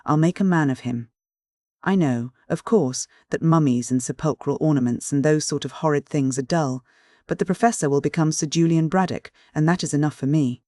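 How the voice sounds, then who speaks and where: A reader speaking as a plump, shrewd elderly widow from a classic mystery audiobook. She gushes fond endearments while talking plain business. The recording is dry and close, with a mid-pitched voice. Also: a little mellow, dry recording, close to an everyday voice. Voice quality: gushing endearments, brisk and matter-of-fact. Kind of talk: audiobook dialogue reading.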